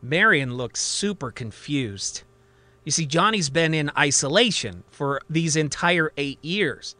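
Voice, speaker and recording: A man narrating a story in a conversational, lively retelling. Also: a little high, a little slow, dry recording.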